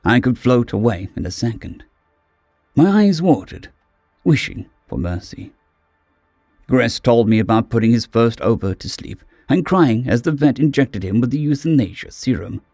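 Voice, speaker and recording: A man reads a first-person story with lively, rolling pitch and dramatic weight. His tone is dark and mellow, recorded close and very dry with no room sound. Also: moderate pace, dry recording, soft background music. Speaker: audiobook narrator. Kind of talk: first-person audiobook narration.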